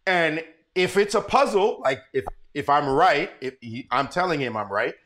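A man's voice: fairly high pitch, normal speed, slight background noise. A man giving a live-streamed chess lesson, telling stories and calling out to his viewers. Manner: animated, storytelling, calls to viewers. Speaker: chess teacher.

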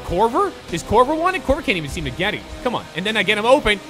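A high, bright-voiced young man commentating his own basketball video game, swinging from hushed muttering to loud yells and curses. His pitch leaps all over the place, with game music faintly underneath. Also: quick pace. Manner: excitable, yelling and swearing at the game. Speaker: gaming YouTuber. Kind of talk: live gameplay commentary.

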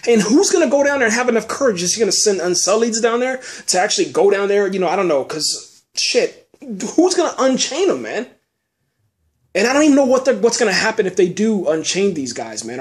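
A young man with a high-pitched voice talks in loose, emotional commentary for his podcast. He rambles and stammers, circling back to the same filler words as his exasperation builds. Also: lively intonation, brisk. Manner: rambling, exasperated, repeats "man" and "I don't know". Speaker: podcast host.

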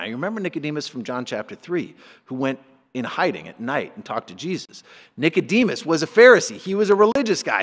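A middle-aged man preaches in a church, his fairly high voice swinging widely as he acts out the people he quotes. The sound carries a long hall reverb that trails after each phrase. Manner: animated, acts out quoted voices with rising pitch. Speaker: pastor. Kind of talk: sermon.

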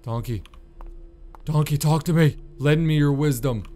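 A man's voice: on the high side, unhurried, mellow, a little hiss or hum. Jumpy young man playing a horror game. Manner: jumpy, nervous, swears and jokes. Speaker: gaming YouTuber.

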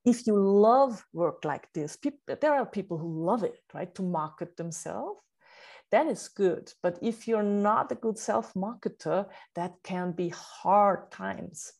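A woman's voice: medium pitch, expressive, unhurried, gravelly, a little mellow. A woman from Austria with a German accent, a writing coach answering interview questions and sometimes searching for English words. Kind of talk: podcast interview.

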